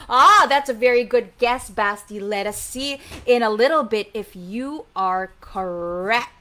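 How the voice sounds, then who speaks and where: A woman telling a story live to children, animated and coaxing them to repeat lines. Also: a little high. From Philippines.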